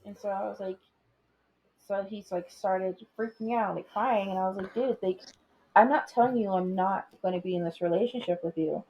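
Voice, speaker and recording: A woman's voice: medium pitch, moderate pace, lo-fi sound, slight background noise. A young woman co-hosting a casual chat podcast, rambling through a personal story with lots of filler words. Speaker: podcast co-host.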